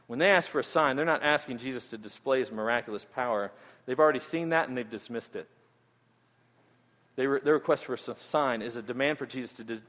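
A man's voice: medium pitch, fairly bright tone. Earnest preaching man in a reverberant hall. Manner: earnest, emphatic, with frequent restarts and "right?" asides. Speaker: pastor. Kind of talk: expository sermon. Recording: echoey hall with long reverb.

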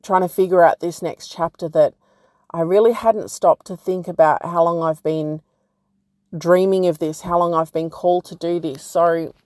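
A woman, speaking in a gentle, reflective way as she shares a personal vlog update and spiritual encouragement. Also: on the low side, fairly even intonation, moderate pace, no echo, clean studio sound. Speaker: program founder and guide.

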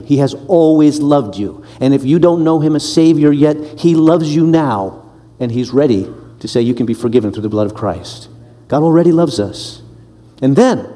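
A man's voice: mid-range voice, dark tone, long reverb tail. A man teaching a Bible lesson in an earnest, emphatic way, sometimes restarting his words.

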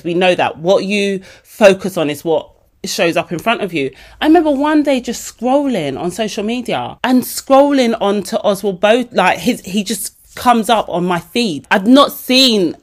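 A woman, hosting her podcast and telling a story casually, chatty and animated as she acts out the dialogue. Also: medium pitch, normal speed. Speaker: podcast host.

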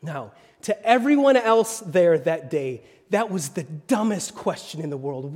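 A male preacher delivers a sermon, moving from full-voiced phrases down to near whispers. His voice sits high and ranges widely. A long reverb follows every line. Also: animated, measured pace, few pauses. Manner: dramatic, shifting from loud to whispered.

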